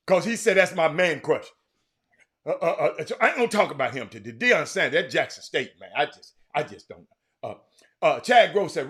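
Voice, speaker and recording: A man hosting a sports talk show, shouting, teasing and repeating himself as he reads comments. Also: a little high. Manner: loud, excitable, teasing, repeats words, sudden shouts. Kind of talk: animated sports talk, reading live chat.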